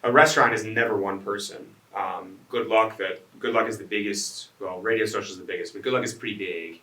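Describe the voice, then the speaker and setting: A man's voice: lowish voice, steady tone, brisk, sharp tone. A man who owns restaurants, giving a conversational design talk to a live audience. He rambles, restarts his sentences and turns to the crowd with asides. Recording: echoey room, voice picked up from a distance.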